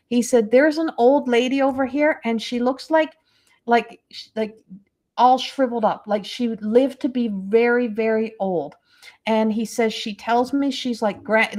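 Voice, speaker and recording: Rambling, tender woman giving a psychic reading. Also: on the high side. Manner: rambling, hesitant, full of fillers and restarts; tender and emotionally moved. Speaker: medium and spiritual coach.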